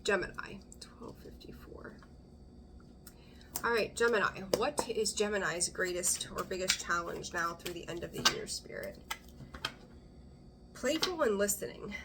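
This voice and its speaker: A woman's voice: medium pitch, animated, measured pace, pauses often, background noise. A woman doing a casual tarot reading for her channel, chatty and blunt, swearing freely and laughing between cards. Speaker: tarot reader. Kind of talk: casual intuitive reading to camera.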